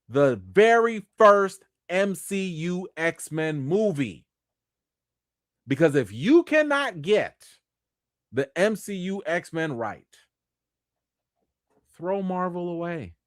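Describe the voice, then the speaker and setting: Animated man hosting a livestream. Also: a little high, no room sound, clean studio sound. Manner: emphatic, animated, repeats points for effect. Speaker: livestream host. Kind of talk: casual commentary livestream.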